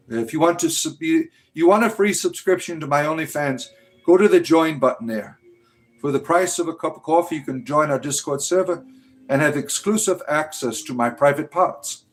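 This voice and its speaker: A man hosting a livestream in casual chat, talking back to his viewers in a sarcastic, scornful way. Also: a little high. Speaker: livestream host answering chat.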